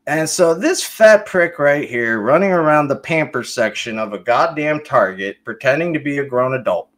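A man hosting a ranting political commentary, profane, sarcastic and heated. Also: a little high. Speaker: commentary host.

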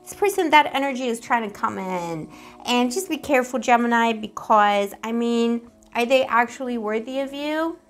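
A woman with a slightly high voice gives a casual tarot reading straight to her viewers. She rambles affectionately and showers them with pet names. Her talk is playful and giggly, and she often teases herself. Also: lively intonation, moderate pace, soft background music. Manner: giggly, self-teasing. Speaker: tarot reader.

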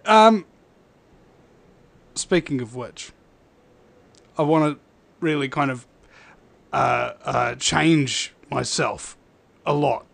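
A man in casual podcast chat, making deadpan puns and pausing on "uh". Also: medium pitch, vocal fry. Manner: deadpan punning, halting with "uh".

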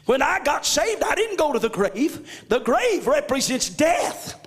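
Man, pastor, fervent church sermon, very high voice, lively pitch. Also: unhurried, in a large hall. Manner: fervent preaching, often shouting. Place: church sanctuary.

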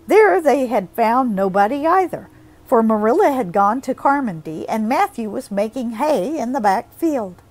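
A woman narrating a classic novel as an audiobook, with expressive storytelling. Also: fairly high pitch, normal speed, low-quality recording.

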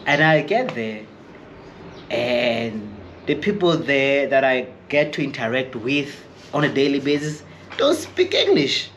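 A man's voice: medium pitch, very animated, a little slow, a bit bright, a little hiss or hum. Chatty man telling stories. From Eastern Free State, South Africa. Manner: chatty, rambling, acts out quoted people. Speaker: chef vlogger. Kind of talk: casual storytelling to camera.

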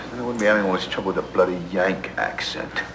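A man's voice: sits low, brisk. An actor playing an English man with an English accent who grumbles dryly and mocks himself over faking an American accent, in soap opera acting. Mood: exasperated. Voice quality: dry, self-mocking grumbling. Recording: noisy old TV recording.

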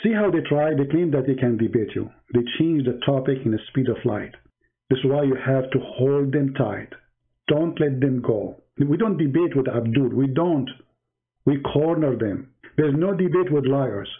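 Over a tinny line that sounds like a phone call, this debate host ridicules and goads his opponent during a heated live exchange. He speaks broken English with non-native grammar, at medium pitch and normal speed with a breathy edge.

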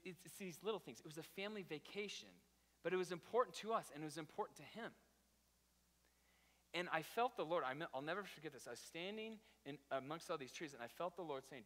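A man pastor telling a personal story in a sermon, animated and storytelling, with restarts. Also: a little high. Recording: reverberant hall.

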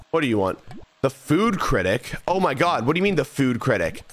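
A man's voice: mid-range voice, a bit bright. A young man streaming a game live, talking restlessly to himself, mocking himself and repeating phrases, with faint music behind. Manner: restless, self-mocking, repeats phrases under his breath. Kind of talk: live gameplay commentary.

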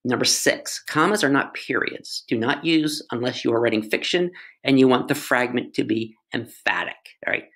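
Gravelly-voiced man teaching grammar playfully. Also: medium pitch, normal speed, fairly bright tone. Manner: playful, self-joking, asides to students. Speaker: English tutor. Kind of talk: casual grammar lesson.

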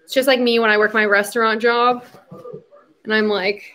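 A woman's voice: a little high, little pitch movement, normal speed, bright, forceful tone. A young adult woman hosting a casual livestream, chatty and giggly, slipping into baby talk with her puppy. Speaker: livestream host.

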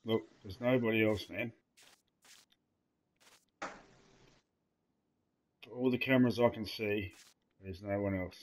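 A man's voice: lowish voice, steady tone, takes it slowly, long pauses, slight background noise. A young man giving casual gameplay commentary, joking and swearing with friends. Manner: swearing, laughing banter. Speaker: gaming host.

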